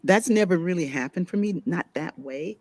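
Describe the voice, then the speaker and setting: A woman's voice: fairly low pitch, moderate pace. A woman hosting a spiritual conversation, telling a personal story with lots of laughter and murmured agreement. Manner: animated storytelling with frequent laughs and affirming murmurs. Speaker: host.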